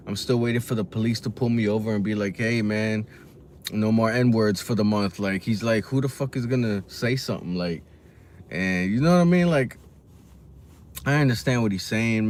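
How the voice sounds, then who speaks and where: A man's voice: fairly low pitch, darkish tone, a little hiss or hum. A man talking casually to the camera in a reaction video, slangy and rambling, with lots of fillers. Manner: laid-back, slangy, rambling with many fillers. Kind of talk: casual commentary monologue.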